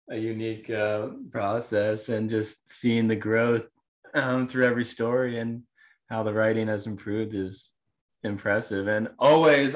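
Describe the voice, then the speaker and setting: A man from New Jersey hosting a podcast, chatting casually in a monotone surfer voice with a laid-back manner, plenty of fillers and agreement. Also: lowish voice. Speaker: podcast host. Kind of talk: casual conversation.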